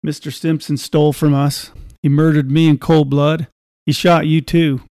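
A man voicing a steady, plain-spoken frontier father who talks calmly and reassuringly in a storybook reading. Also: fairly high pitch, moderate pace, no echo, clean studio sound, lightly acted.

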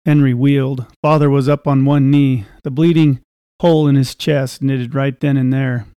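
A man reading a scripted story aloud in a measured, even way. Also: medium pitch, clear, resonant tone, dry recording, studio quality.

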